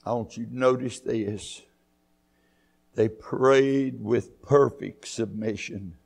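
A man preaching a church sermon, fervent, rising to loud high peaks and throwing in hallelujahs. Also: fairly even intonation, slow, creaky, breathy edge. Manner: punctuates with hallelujahs and amens. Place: church sanctuary.

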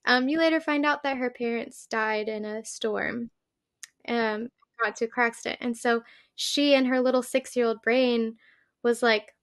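A woman guest talks in an earnest, heartfelt way, her voice sitting somewhat high. The sound is close and dry, with no room around it. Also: steady tone, moderate pace, fairly bright tone, clear, resonant tone, no room sound. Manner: earnest, heartfelt, tearing up at times. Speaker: podcast guest. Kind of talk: casual chat.

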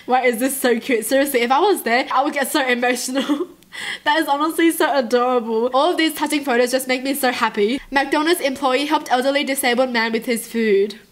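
A woman's voice: sits high, fairly quick. A woman vlogger reacting to touching photos in a gushing, emotional way, often giggling. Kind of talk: casual reaction commentary.

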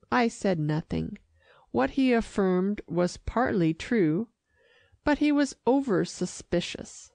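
A woman narrating an audiobook with measured, even storytelling. Her voice is slow and gravelly, recorded close and dry. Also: medium pitch, no echo.

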